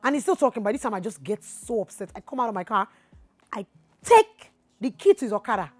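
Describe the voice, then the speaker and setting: A woman with a Nigerian accent telling a storytime vlog, swinging from low asides to loud outbursts. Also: big pitch swings, brisk, dry recording. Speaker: vlogger.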